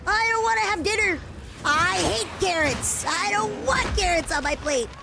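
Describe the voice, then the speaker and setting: A woman streamer voicing a whiny little kid throwing a tantrum, pleading in a shrill whine. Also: animated, normal speed, vocal fry, over music, exaggerated voice.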